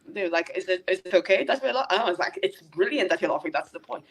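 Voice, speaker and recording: A woman filmmaker as a podcast guest, talking in a lively, laughing way with quick asides. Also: on the low side, vocal fry, slightly rough. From not from Britain. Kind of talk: casual podcast chat.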